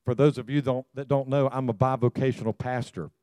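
An older man preaching as a pastor, with a mellow, warm voice and a dry, close sound. He pushes the congregation with repeated calls and stumbles into restarts as he goes. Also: medium pitch, steady tone, a little fast, no echo. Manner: exhorting, repeats "come on" to the congregation. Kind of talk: sermon.

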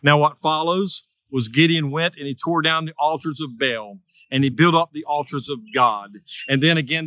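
A man's voice: sharp tone, dry recording. A man preaching a sermon, retelling a scripture story and acting out quoted voices. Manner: storytelling, acts out quoted voices with raised pitch.

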